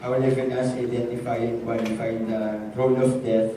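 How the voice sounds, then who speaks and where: Young Filipino man, flat, polite. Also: mid-range voice. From Philippines. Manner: polite, formal, deliberate. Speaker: seminarian asking a question. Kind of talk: audience question. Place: large lecture hall. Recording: echoey hall, mic far off, faint noise.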